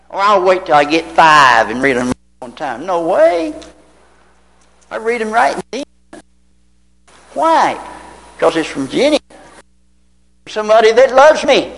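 Older male preacher in his seventies, from Tennessee; folksy storyteller, high and animated voice, asks his congregation questions. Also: poor audio. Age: 70s. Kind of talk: anecdotal sermon.

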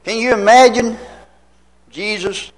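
A man's voice: high voice, unhurried, rough recording. A man in his seventies from Tennessee, preaching a sermon told as a folksy personal story full of rhetorical questions. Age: 70s. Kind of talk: anecdotal sermon.

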